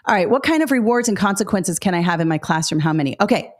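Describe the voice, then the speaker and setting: Woman educator, mid-pitched voice, animated storyteller who acts out her classroom lines, webinar advice to new teachers. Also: fast talker. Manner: lively storytelling, acting out what she says to students.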